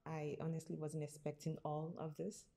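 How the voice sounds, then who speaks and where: A woman's voice: sits low, flat delivery, moderate pace, gravelly, dark tone. An actress playing a polite young woman who wants to get married. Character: young woman anxious to marry.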